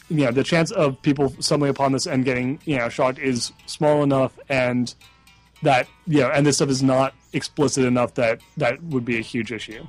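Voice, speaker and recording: A man's voice: medium pitch, steady tone, normal speed, darkish tone, dry recording, soft background music, poor audio. A man hosting a casual chat show, rambling through questions with lots of fillers. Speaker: host.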